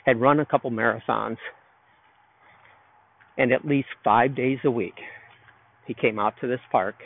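Rambling man on a phone-like line. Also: mid-range voice. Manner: loose storytelling, rambling and reflective. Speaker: podcast host. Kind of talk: rambling solo podcast monologue. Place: outdoors in a park. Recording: narrow phone-like sound.

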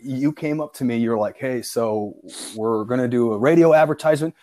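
A man's voice: medium pitch, brisk. A young man in casual chat, telling an old school prank story with laughter, acted-out quotes and swearing. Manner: animated storyteller, laughs often, acts out quotes, swears freely.

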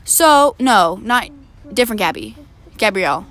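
A teenage girl telling stories in casual chat, animated and swearing freely. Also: mid-range voice, a little slow.

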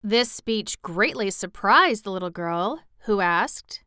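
A woman narrating a storybook aloud in a measured, unhurried reading. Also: medium pitch, expressive, pushed and bright, smooth, no echo, clean studio sound. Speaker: audiobook narrator.

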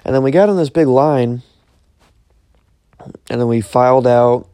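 A man's voice: mid-range voice, measured pace, dark tone, clean tone, dry recording. A young man casually retelling a dream, rambling with lots of fillers and restarts. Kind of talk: casual storytelling, recounting a dream.

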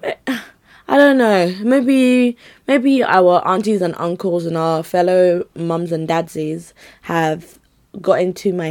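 A young woman, chatting casually and rambling to her viewers, often breaking off mid-sentence. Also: fairly low pitch. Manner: chatty, rambling, self-interrupting. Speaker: vlogger.

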